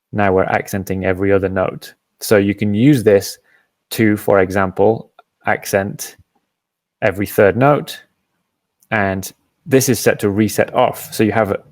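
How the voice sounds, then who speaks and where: A man hosting a live app demo, patiently explaining each step and often pausing with "um". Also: fairly low pitch, darkish tone, no echo. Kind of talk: software demo and Q&A.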